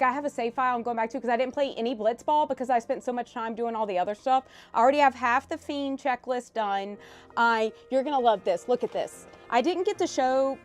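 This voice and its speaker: A woman from South Louisiana with a Louisiana accent, chatting casually and rambling on a livestream, excitable and quick to swear. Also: on the high side. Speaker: live streamer.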